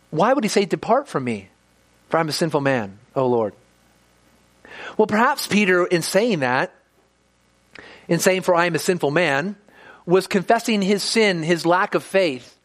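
A man's voice: high voice, fairly bright tone. A man preaching a sermon in a conversational way, sometimes acting out the voices of the people he quotes. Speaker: pastor.

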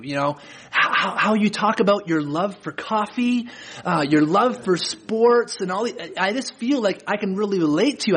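A man preaching a sermon to his congregation, his voice a touch high and husky. He moves between quiet, deliberate passages and emphatic rising points. He talks in a church as the pastor. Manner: earnest preaching with swings from low to emphatic.

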